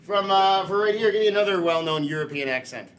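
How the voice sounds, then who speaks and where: A man hosting a live improv comedy show, chatty and quick to laugh, with hesitant fillers. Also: high voice, lively intonation, fairly bright tone. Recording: noisy live stage recording.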